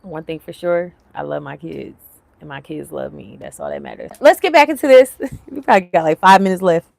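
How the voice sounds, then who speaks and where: Gravelly low-voiced woman chatting live. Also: fairly quick, dry recording. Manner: chatty and animated, laughs often, many fillers. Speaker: livestream commentary host. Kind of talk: casual commentary chat.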